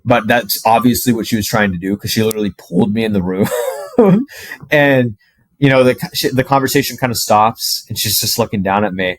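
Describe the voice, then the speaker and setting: A young man telling a personal story to camera in a casual, animated way, full of "like" and the odd swear word. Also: fairly low pitch, fairly quick, no room sound, low-quality recording. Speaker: dating coach.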